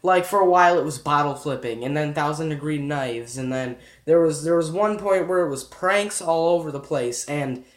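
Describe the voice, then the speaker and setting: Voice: mid-range voice, normal speed, few pauses. A young YouTube commentator ranting in an exasperated, sarcastic and rambling way, often restarting sentences. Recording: echoey room.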